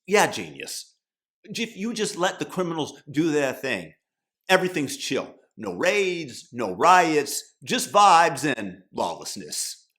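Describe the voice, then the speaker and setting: A man's voice: on the high side, fairly bright tone. A man from Boston hosting a political commentary, talking in a mocking, sneering and theatrical way.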